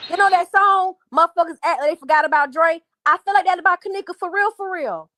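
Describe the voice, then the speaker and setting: A woman's voice: extremely high pitch, fast talker, sharp tone, no echo, clean studio sound. A woman hosting a livestream, venting angrily to her viewers in a profane, repetitive rant. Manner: angry, profane, repetitive, addresses chat as y'all. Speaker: livestream host.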